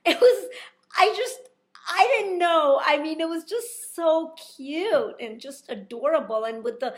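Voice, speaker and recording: High-voiced woman telling a lively story. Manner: animated, laughing, with many fillers. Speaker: vlogger. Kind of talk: casual storytelling.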